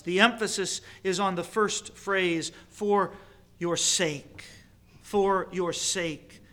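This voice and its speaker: Male pastor, higher voice, unhurried emphatic sermon delivery. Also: sharp tone. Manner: measured, emphatic preaching with pauses and repetition.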